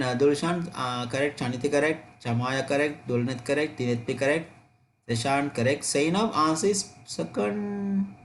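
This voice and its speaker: A male chemistry teacher runs an online revision class, drilling each point by saying it again and again. His voice sits a touch high for a man. A faint hiss runs under the recording. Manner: repetitive, drilling key points, checking answers aloud.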